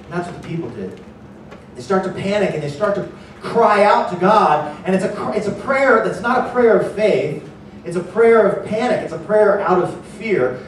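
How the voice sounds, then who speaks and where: A man preaching a sermon as pastor, animated, sometimes acting out panicked voices. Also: moderate pace. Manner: animated, acts out panicked voices in a raised pitch. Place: church. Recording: echoey church hall, distant mic, faint noise.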